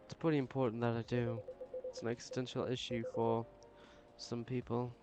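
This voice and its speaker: A man's voice: mid-range voice, little pitch movement, moderate pace. A man reading game dialogue aloud in a casual manner, voicing several characters in turn. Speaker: let's play gamer reading dialogue aloud.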